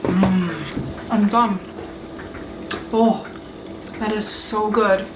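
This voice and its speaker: Amid heavy background noise, a woman food vlogger speaks at a medium pitch and an extremely slow pace. Filming on a handheld phone in her home kitchen, she talks casually to viewers while cooking and gushes about her food.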